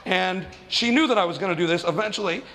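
Stand-up man, high voice, profane self-mocking storyteller, reverberant hall. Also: fast talker, a bit bright. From New Mexico. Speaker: stand-up comedian.

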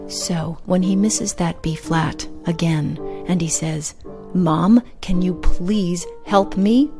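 A woman hosting a show and reading her own personal story aloud with a wry, candid, gently humorous manner. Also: low-pitched, gravelly. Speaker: host and storyteller.

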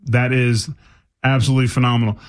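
A man's voice: mid-range voice, level tone, quick pace. A man from Boston hosting a casual radio interview, playful and jokey, often stumbling over his questions. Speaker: radio host.

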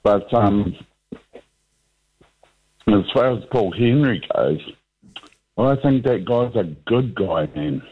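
A New man calls in to talk radio, speaking slowly in a fairly low voice. He rambles and hesitates, with plenty of ums and restarts. His voice comes through a thin, tinny phone line. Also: expressive, slightly rough. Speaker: radio caller. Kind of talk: talkback radio call.

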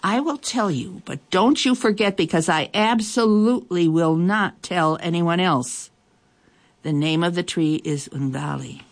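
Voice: medium pitch, a little slow, close to an everyday voice. A storyteller voicing a proud, grumpy male lion king who growls his words. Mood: stern. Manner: growling, stern. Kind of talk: storybook reading.

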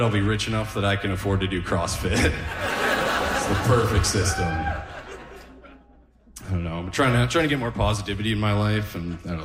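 A man in his thirties doing a rambling, self-deprecating stand-up set, often chuckling at his own jokes. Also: on the low side. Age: 30s. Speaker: stand-up comedian. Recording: roomy reverberant room.

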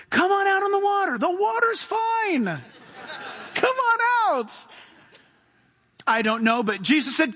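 A man's voice: very high-pitched, pushed and bright. A man preaching an impassioned sermon in a church, reading scripture and asking the congregation questions. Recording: long hall reverb.

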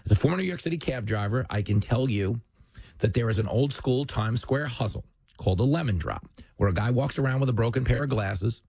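A man's voice: mid-range voice, expressive, a little fast, gravelly, darkish tone, husky, no echo. A male host delivering a punchy, combative political commentary monologue with jokes, on a studio mic.

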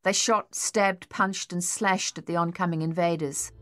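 A woman reading an audiobook in measured, even storytelling narration. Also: on the low side, dry recording, faint music behind.

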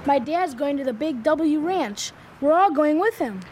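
A woman's voice: high voice, expressive, unhurried, darkish tone, slight background noise. A woman voicing an honest, cautious schoolboy in a children's radio drama, earnest and a bit hesitant.

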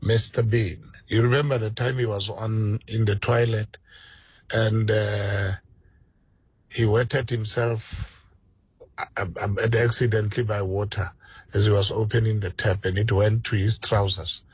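A man calling in to a radio show, telling a story with halting chuckles. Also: fairly low pitch, flat delivery, breathy edge, no room sound, dull audio. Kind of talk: casual radio call-in chat.

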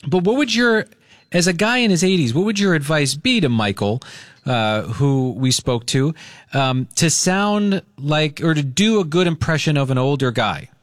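A man's voice: on the high side, expressive, moderate pace, no echo, studio quality. A man hosting a morning radio show, upbeat and playful as he talks with callers.

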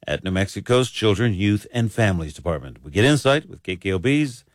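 A man anchoring a radio newscast, reading headlines in a steady, measured delivery into a studio microphone. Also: on the low side, no room sound.

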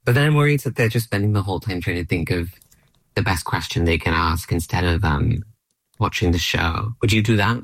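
A man's voice: low-pitched, a little fast, no echo. A man from Australia in his late thirties, a comedian guest, rambling in a self-deprecating way with many fillers. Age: late 30s. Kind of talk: casual chat.

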